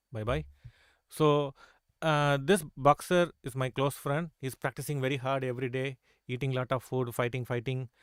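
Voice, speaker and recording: Teaching chess live, this male coach keeps prodding his pupils with rhetorical questions and a steady stream of "right?" and "okay?" His mid-range voice is clear and resonant. The sound is dry and studio-clean.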